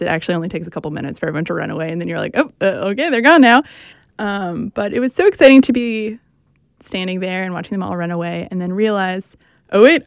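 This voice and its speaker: A woman's voice: on the low side, clear, resonant tone, no room sound, clean studio sound. A young woman radio reporter chatting casually and enthusiastically, with lots of "like"s.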